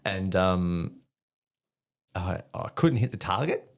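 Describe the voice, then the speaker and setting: A middle-aged man with an Australian accent and a deep, low voice, yarning casually as a podcast guest. He talks bluntly, drops swear words freely and stumbles through plenty of ums and restarts. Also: expressive, takes it slowly. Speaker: podcast guest, army veteran. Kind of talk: casual storytelling interview.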